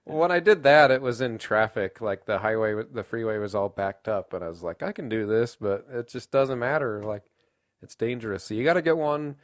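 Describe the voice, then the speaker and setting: A man's voice: lowish voice, fairly quick, dry recording, studio quality. A young man co-hosting a casual podcast, laid-back and joking with crude humor. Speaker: podcast co-host.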